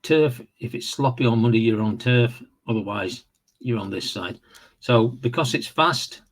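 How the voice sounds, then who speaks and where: A man casually walking through the rules of a horse racing board game, explaining in a relaxed, rambling way with fillers and self-corrections. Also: medium pitch. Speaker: tabletop game reviewer. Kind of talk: casual tabletop game walkthrough.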